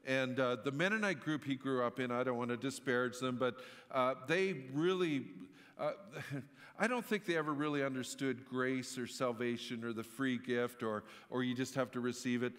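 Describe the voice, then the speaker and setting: A man's voice: mid-range voice, normal speed, a bit bright, long reverb tail. A man preaching a sermon in a church, telling a story in a conversational way and rising into emphatic outbursts. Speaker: pastor.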